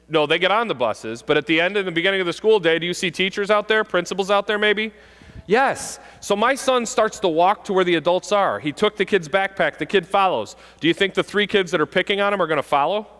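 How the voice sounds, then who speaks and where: A police officer in his forties talks to schoolkids in a joking, animated way, acting out how kids tease each other. His voice sits a bit high for a man. The sound rings with the long echo of a big hall. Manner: jokey, animated, acts out kids' voices. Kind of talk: school assembly talk. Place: school gym or auditorium. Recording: long reverb of a large hall.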